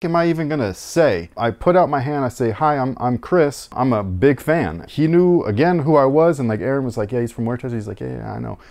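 A man's voice: mid-range voice, animated, fairly quick, gravelly, few pauses, a little mellow. A man from Sacramento co-hosting a podcast, telling a story in a casual, profane, self-mocking way with many restarts. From Sacramento, California. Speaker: podcast co-host.

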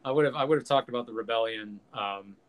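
A man's voice: mid-range voice, quick pace. A man hosting a podcast, ranting in casual, profane, jokey chat and acting out quotes. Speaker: podcast host.

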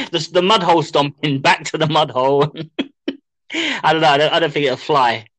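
A man's voice: on the high side, huge pitch swings, a little slow, fairly bright tone. A man co-hosting a casual wrestling chat, giving laid-back, understated replies. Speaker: podcast co-host.

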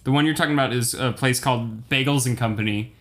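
A man's voice: mid-range voice, fast talker, fairly bright tone. A man in casual chat, recommending a place with emphatic enthusiasm.

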